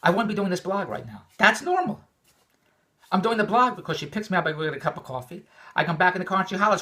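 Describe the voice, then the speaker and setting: A man's voice: high-pitched, big pitch swings, fast, bright, forceful tone. Rambling, exasperated older man from Philadelphia. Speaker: vlogger. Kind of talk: rambling personal vlog monologue.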